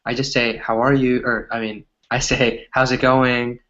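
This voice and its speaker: A man tutoring English in a relaxed, chatty conversation, explaining with lots of examples. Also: mid-range voice, normal speed, dull audio. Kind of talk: casual conversation lesson.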